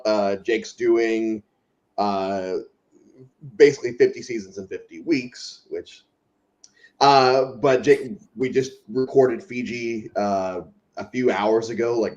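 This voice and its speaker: A man's voice: lowish voice, darkish tone, muffled recording. A man guesting on a podcast, rambling casually with many fillers. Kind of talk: casual chat.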